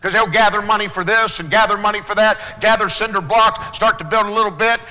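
Male pastor preaching in a church hall, high and sharply bright, loud bursts and quiet asides. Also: steady tone, a little fast. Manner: swings between loud preaching and hushed low asides. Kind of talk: sermon. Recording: long hall reverb.

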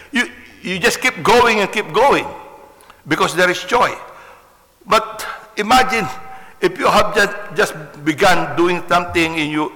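A man's voice: fairly high pitch, pushed and bright. A man preaching a sermon, reading scripture and repeating his points with emphasis. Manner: repetitive, emphatic, reads scripture aloud. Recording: long hall reverb.

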